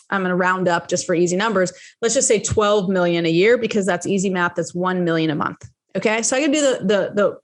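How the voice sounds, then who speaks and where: Female podcast host, casual coaching talk, lively storytelling, repeats herself while working through an idea. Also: medium pitch. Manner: chatty, animated storytelling with lively quoted voices; repeats and restarts phrases while explaining. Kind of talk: solo podcast teaching.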